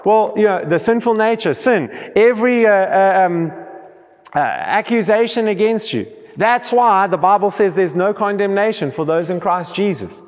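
A man with a high voice preaches a sermon, reading scripture aloud. He often restarts and repeats his words as he goes. His voice carries a long reverberation from the hall. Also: expressive, normal speed.

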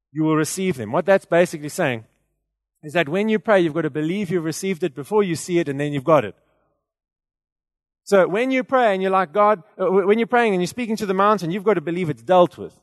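Pastor, male, higher voice, lively chatty preaching style, hall reverb. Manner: energetic, conversational preaching with frequent fillers and restarts. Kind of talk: sermon.

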